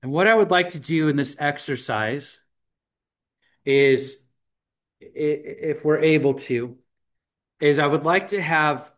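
A man leading an informal group Bible study, talking in a halting way with frequent restarts and ums. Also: on the high side, a bit bright.

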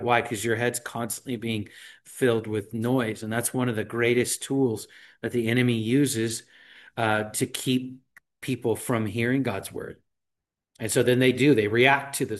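With a medium-pitched voice, a man leads an informal group Bible study. He speaks haltingly, often restarting and saying "um."

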